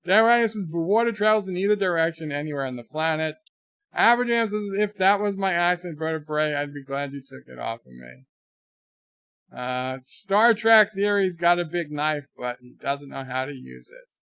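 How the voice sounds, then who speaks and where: A man's voice: fairly high pitch, moderate pace, vocal fry, clean tone, no room sound. An American man hosting a casual livestream from his bedroom, joking and rambling as he reads out viewer comments. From United States. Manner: joking, rambling, animated asides. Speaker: livestream host.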